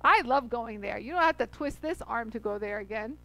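A woman's voice: a little high, lively intonation, brisk, creaky, fairly bright tone, poor audio. A woman hosting a casual livestream, chatty and effusive, greeting viewers by name as she demos grinding a stone. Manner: laughs often. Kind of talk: casual livestream chat and demo.

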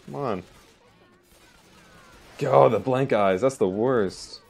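A man giving live gameplay commentary, excitable and quick to exclaim and laugh. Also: medium pitch, creaky, breathy edge. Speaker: gaming channel host.

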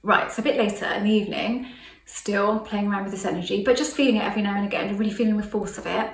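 A woman's voice: medium pitch, fast talker, gravelly, reverberant, distant mic, low-quality recording. A middle-aged woman telling a story to camera in a chatty way, laughing often and acting out what people said. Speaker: vlogger.

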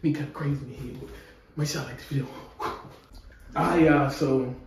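A man's voice: mid-range voice, fairly even intonation, moderate pace, gravelly. Slangy young man, echoey room. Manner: slangy, swearing, addresses viewers as y'all. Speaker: prank vlogger. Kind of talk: casual prank vlog. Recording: echoey room from far off, loud noise.

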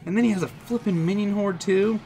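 A man giving excited, jokey running commentary on his own mobile game, talking straight to his viewers. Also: sits high, fairly quick, a little hiss or hum. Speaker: gaming channel host. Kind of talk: live gameplay commentary.

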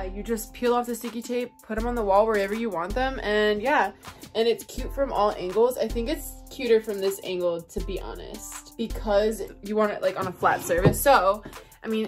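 A tired woman talking casually through a shopping haul vlog at home, chatty and full of \"like\". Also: medium pitch. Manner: chatty, filler-heavy, \"like\" constantly. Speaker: haul vlogger and mother.

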